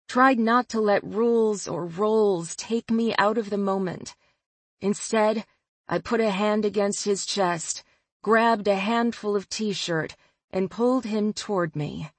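A woman reads a first-person novel aloud in a measured, expressive voice of middle pitch. She takes her time over every line. The sound is dry and close to the mic. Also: dry recording. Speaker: audiobook narrator. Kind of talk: first-person audiobook narration.

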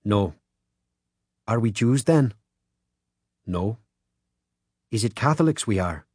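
A quiet, secretive Irish father speaks in short, low, hushed words, as a male audiobook reader puts him on. His voice sits low and a little husky, recorded dry and close with no room around it. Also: expressive, takes it slowly, no echo, exaggerated voice. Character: quiet, guarded Irish father, middle-aged man.

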